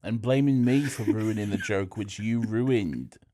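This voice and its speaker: A man co-hosting a podcast, teasing his co-host in a deadpan, sweary way. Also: fairly low pitch, a little slow, slight background noise. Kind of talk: casual chat.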